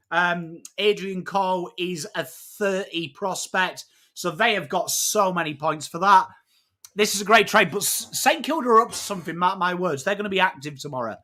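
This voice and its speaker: An English man hosting a live footy stream, chatting matily with viewers and breaking down trades, swearing now and then. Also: high voice. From England. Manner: matey, excitable, swears freely, greets chat by name. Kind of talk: casual live-stream chat and trade analysis.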